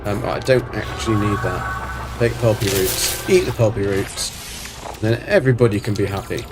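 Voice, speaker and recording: A man's voice: fairly low pitch, moderate pace, noisy background. Chatty man streaming a game. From Germany. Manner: rambling and chatty, swears playfully. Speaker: livestream host. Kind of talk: casual gaming commentary.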